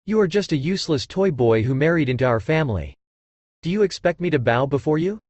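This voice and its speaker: A man plays a proud, sneering young man in an audiobook. His talk is scornful and biting, with a lively, rising and falling pitch. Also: fast talker, dry recording. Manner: scornful, pleading. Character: arrogant young man, sneering then cornered.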